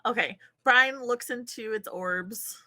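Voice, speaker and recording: A woman playing a tabletop game, excitable and swearing freely. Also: on the high side, takes it slowly. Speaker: player. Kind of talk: casual tabletop game play.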